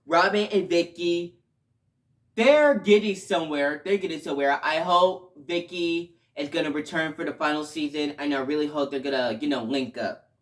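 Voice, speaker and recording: A man giving a casual video review, talking emotionally and rambling, with sudden loud outbursts between quieter stretches. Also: on the high side, steady tone, moderate pace. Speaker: show reviewer.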